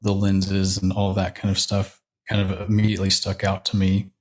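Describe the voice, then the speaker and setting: Low-voiced young man rambling casually. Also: completely flat delivery, moderate pace. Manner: rambling, many fillers and restarts, laughs lightly. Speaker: guest, church media director. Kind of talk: casual interview chat.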